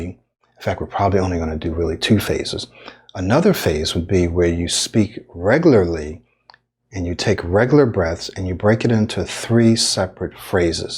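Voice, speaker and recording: A man teaching a breathing and speaking exercise, calm and methodical, stretching his words when he demonstrates. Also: low-pitched, breathy edge. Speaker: voice coach. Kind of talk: instructional talk with demonstrations.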